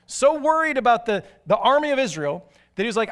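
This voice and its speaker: A man preaching a sermon, telling stories animatedly and moving from excited to hushed and grave. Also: extremely high pitch, a little fast. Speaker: pastor.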